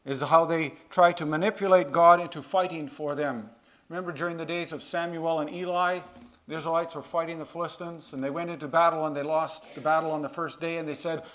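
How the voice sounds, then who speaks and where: A male preacher delivers a sermon in a slightly higher-than-usual voice. He speaks earnestly, pushing louder and higher when stressing key phrases, then dropping back down.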